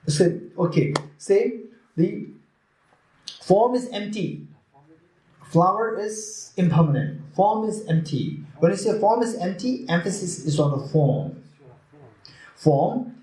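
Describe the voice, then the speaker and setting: A Buddhist teacher at a retreat, this man has a high, slightly mellow voice. He repeats key phrases and keeps quizzing and teasing his students, all in an echoey room.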